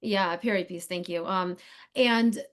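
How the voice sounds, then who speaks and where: A woman's voice: on the low side, measured pace. A woman guest on an interview podcast, a casting director, talking in a chatty, digressive way with lots of fillers. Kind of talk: casual interview conversation.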